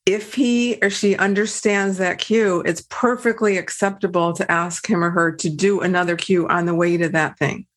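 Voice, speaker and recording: A woman's voice: on the low side, fairly even intonation, moderate pace, hardly any pauses. A woman interviewer, enthusiastic and affirming, asking a trainer about her methods. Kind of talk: conversational interview.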